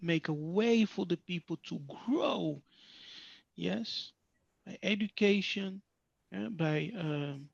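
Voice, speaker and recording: Slow, emphatic male religious teacher. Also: high voice, no room sound. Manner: emphatic, repeats phrases, asks rhetorical questions. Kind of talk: sabbath class teaching. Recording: dull lo-fi sound, dry.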